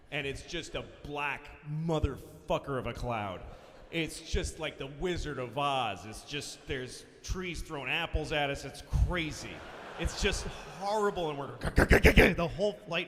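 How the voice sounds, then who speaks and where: A man performing stand-up comedy on a live stage, telling a profane, animated story that rises to shouts. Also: mid-range voice. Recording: roomy hall reverb, faint noise.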